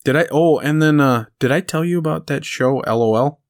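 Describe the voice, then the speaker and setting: A man's voice: fairly high pitch, fairly quick. A man co-hosting a podcast in casual chat, rambling through stories and laughing at his own jokes. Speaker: podcast co-host.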